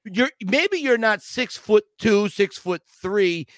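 A man's voice: high voice, slow pace, dry recording, studio quality. A man hosting a podcast, chatting and telling family stories in an enthusiastic, rambling way. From Italian-American family. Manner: enthusiastic, rambling, animated storyteller. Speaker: podcast host. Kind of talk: casual interview chat.

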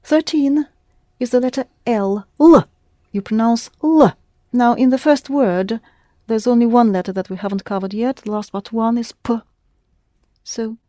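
A woman giving a one-to-one language lesson, patiently modelling words and repeating them slowly for her students. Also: a little high, warm tone, no room sound, clean studio sound. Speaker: language teacher.

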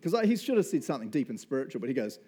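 During a church service, a male pastor delivers a relaxed, conversational sermon, laughing often and tossing in quick asides. His medium-pitched voice is mellow and sing-song, with a breathy edge.

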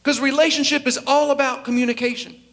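A man preaching to a congregation with a strikingly high, ringing voice. He is animated and playful, slipping into comic voices for the Bible characters in his sermon. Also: quick pace. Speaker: pastor.

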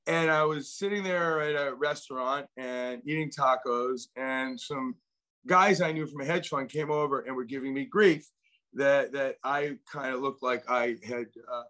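A man's voice: medium pitch, normal speed, bright, forceful tone. A middle-aged man telling a long personal story as an interview guest, rambling with many restarts and repeated words. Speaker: guest, venture investor.

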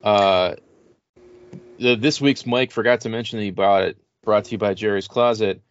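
A man's voice: on the low side, normal speed, highs cut off. A man co-hosting a casual podcast chat, rambling with plenty of fillers. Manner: relaxed, rambling with many fillers. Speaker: podcast co-host. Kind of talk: casual chat about toy purchases.

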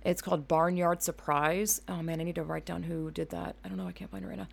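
A woman from Georgia, hosting her own podcast in a rambling, profane, self-mocking way, animated and loud. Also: fairly low pitch, quick pace, gravelly. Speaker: podcast host. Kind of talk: casual solo podcast monologue.

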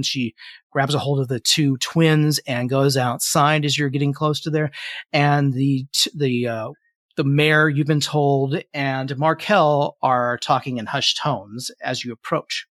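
A man narrating as game master of a tabletop game, telling the story in a relaxed way, with frequent fillers. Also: fairly high pitch, measured pace, no echo.

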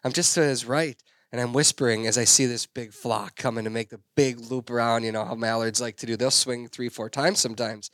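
A man of ordinary pitch hosts a casual podcast and tells a story with lively energy. The sound is dry and close, with no room around it. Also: a little fast, hardly any pauses, no room sound. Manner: animated storyteller, gets loud and excited. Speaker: podcast host.

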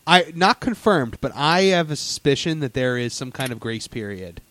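His voice is medium in pitch, slightly bright and expressive, moving at a moderate pace. He's an enthusiastic storyteller chatting casually about theme parks, leaning on lots of fillers and restarts.

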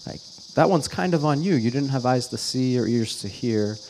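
A man's voice: mid-range voice, expressive, moderate pace, noisy background, natural voice. A man voicing God, matter-of-fact and wry. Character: God answering a complaint, plain and matter-of-fact.

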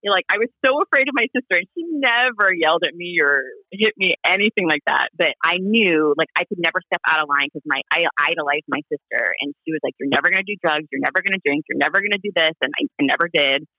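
Bright-voiced, animated man from Hawaii. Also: a little high, quick pace, few pauses, no room sound, rough recording. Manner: animated, laughing, acts out quoted voices. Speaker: podcast guest. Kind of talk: casual interview storytelling.

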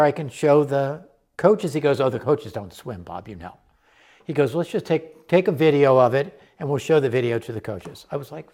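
Older man telling a story with animation. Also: mid-range voice. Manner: animated, acts out quoted voices. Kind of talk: personal storytelling.

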